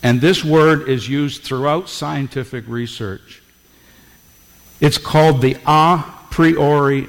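A man preaching a sermon as pastor, emphatic, with rising bursts of volume. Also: medium pitch. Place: church sanctuary. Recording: long hall reverb.

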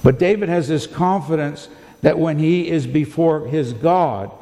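Man, pastor, sermon, slow and measured, warm mellow tone, emphatic, rhetorical questions. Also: on the high side. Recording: long hall reverb.

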